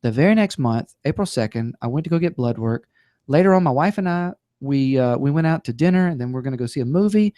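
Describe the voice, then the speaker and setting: A man's voice: mid-range voice, lively intonation, fast, warm tone, no echo, studio quality. A man guest on a talk show, telling a personal story with humor and playful acted-out quotes.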